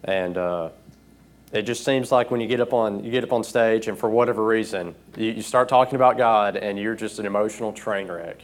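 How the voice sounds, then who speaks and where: A man preaching an informal sermon from a church stage, emotional and earnest, often pausing with fillers. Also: lowish voice. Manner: earnest, halting with frequent fillers.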